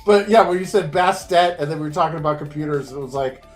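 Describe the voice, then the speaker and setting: A man's voice: on the high side, quick pace, soft background music. A man on an online panel call, telling a casual story with lots of laughter and acted-out voices and sound effects. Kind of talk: casual group chat.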